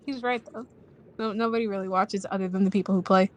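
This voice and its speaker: A woman's voice: medium pitch, fairly even intonation, fast, slight background noise. A woman chatting and giggling as a player in a casual tabletop game session.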